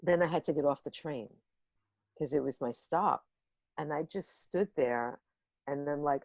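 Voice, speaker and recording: Animated woman telling a story on a video call. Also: deep voice, unhurried, long pauses, no echo. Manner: animated, acts out the voices in her stories. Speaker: workshop guest speaker. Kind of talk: personal storytelling.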